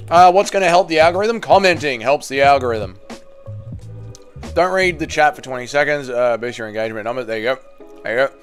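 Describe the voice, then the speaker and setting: A man's voice: on the high side, clean tone. An Australian man hosting a casual fight-sports livestream, reading viewer comments aloud in a chatty, slangy, jokey way. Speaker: MMA channel livestream host.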